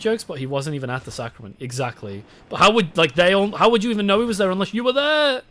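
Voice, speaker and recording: A man's voice: sits high, animated, fast talker, hardly any pauses, a bit bright. A young British man streaming a game, chatting casually with his chat, swearing and rambling. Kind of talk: casual live-stream chat while gaming.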